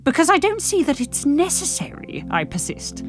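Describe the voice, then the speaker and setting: Woman reading her own novel out loud, super expressive, cheeky humour. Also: high-pitched, moderate pace, faint music behind. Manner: expressive, animated narration with frank humour.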